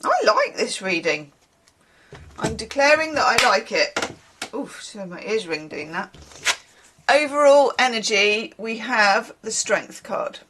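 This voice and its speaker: A woman's voice: a little high, lively intonation, measured pace, sharp tone. A woman giving a casual, rambling tarot reading to her viewers, chatting and laughing as she goes. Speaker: tarot reader.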